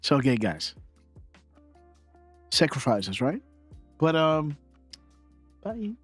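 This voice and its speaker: A man's voice: a little high, very animated, slow pace, slightly rough, faint music behind. A man hosting a live stream, rambling through casual commentary and often asking his viewers "right?". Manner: rambling, keeps asking "right?" and "okay, guys". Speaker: livestream host.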